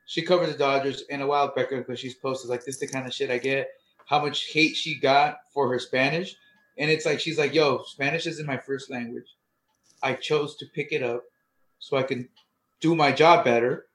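A man co-hosting a casual sports podcast, talking in an animated way with frequent swearing, restarts and asides. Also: mid-range voice, normal speed. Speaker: podcast co-host.

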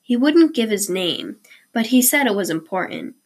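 A woman's voice: fairly high pitch, big pitch swings, normal speed. A woman reading the part of a stage manager who speaks politely and matter-of-factly.

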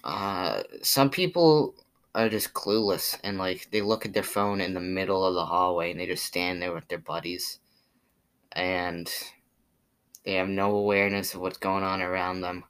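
A man's voice: deep voice, fairly bright tone. A teenage boy with a Boston accent, rambling through his pet peeves in a casual, filler-heavy monologue, mildly exasperated. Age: teens. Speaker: vlogger.

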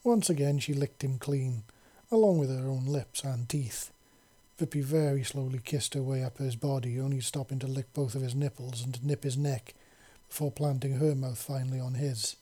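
A man reads a story aloud in a calm, even pace. His voice is dark and mellow, with a husky, breathy grain. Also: medium pitch, moderate pace. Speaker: narrator.

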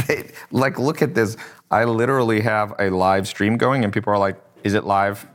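A man's voice: lowish voice, fairly even intonation, normal speed. A man hosting a casual livestream as an e-commerce coach, talking bluntly and with lots of animation, swearing now and then and laughing at his own jokes.

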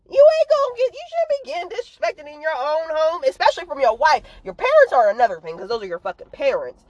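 A woman vlogger rants on camera in a fired-up, profanity-heavy way, hammering her points with repeated insults. Her voice sits a little high, and the recording is dry and close with no room sound. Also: very animated, moderate pace, no echo, poor audio. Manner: profane, emphatic, worked up; sharp, repetitive put-downs. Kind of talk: casual ranting commentary.

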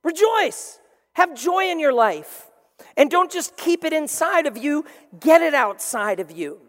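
A man delivers a sermon in a big hall where his voice rings out with a long reverb. He preaches with animated energy and playful asides, and he briefly puts on other voices to make his points. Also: very high-pitched, measured pace. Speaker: pastor.

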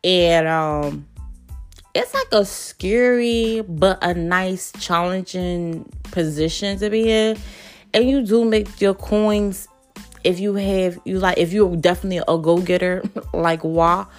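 A woman's voice: fairly low pitch, steady tone, slow pace, soft background music. Young woman, podcast host, casual monologue, outspoken, swears freely, rambling. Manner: blunt, profane, outspoken; loose and rambling, lots of fillers.

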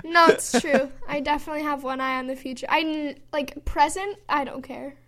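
A woman's voice: sits high, brisk, a bit bright, a little hiss or hum. A young woman from Chicago with a Chicago accent, chatting casually and reacting with bubbly exclamations and laughs. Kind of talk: casual chat.

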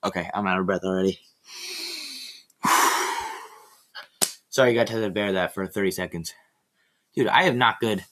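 A man's voice: fairly low pitch, a bit bright. A teenage boy hosting a casual solo podcast, ranting in a rambling, sarcastic, easily exasperated way. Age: teen. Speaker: podcast host.

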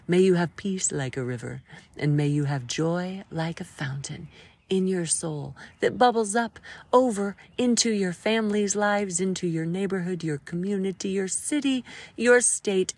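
A woman with a lowish voice hosts a devotional show, praying out loud for her listeners. She talks in a playful, quirky way and slips into worship song without warning. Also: measured pace. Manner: prays and breaks into a cappella worship song. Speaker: host. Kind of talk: devotional encouragement talk.

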